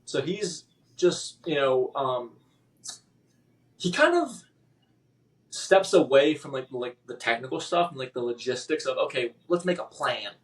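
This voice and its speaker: Halting, emotional man, a little off-mic. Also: mid-range voice, lively intonation, far from the mic. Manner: halting, emotional, with many restarts and fillers. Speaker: podcast guest. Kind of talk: personal story in a podcast interview.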